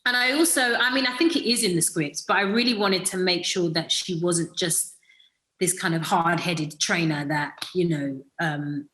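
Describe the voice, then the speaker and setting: A woman's voice: lowish voice, moderate pace, fairly bright tone, poor audio. A British woman giving a thoughtful interview about her acting role, with many fillers and restarts. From Britain. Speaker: actor, interview guest. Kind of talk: casual interview talk.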